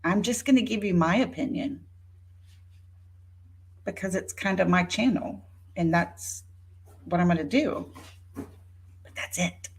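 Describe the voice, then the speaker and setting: Slow, indignant woman in her fifties. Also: fairly low pitch. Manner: indignant, sarcastic, speaks directly to a rival by name. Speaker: YouTuber. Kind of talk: rebuttal vlog talking to viewers.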